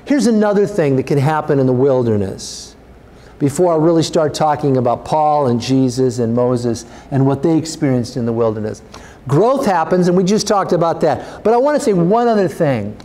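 A male pastor preaching a sermon, earnest and urging, his voice rising as he exhorts the congregation. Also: warm tone. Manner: earnest, urging, rises in pitch when exhorting.

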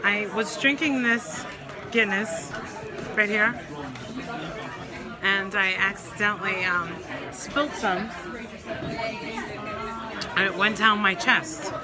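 A woman vlogging casually as she travels, telling stories and reacting loudly with excitement. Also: mid-range voice, slow pace, long pauses. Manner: chatty storyteller, shrieks with excitement at times. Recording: street noise and crowd behind.

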